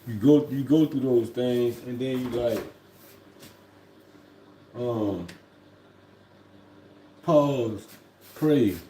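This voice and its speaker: A man's voice: mid-range voice, extremely slow, long pauses, mellow, roomy sound, slight background noise. A man who drives trucks talks casually on a home livestream, rambling and reflective, often repeating "you know what I mean.". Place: at home, indoors.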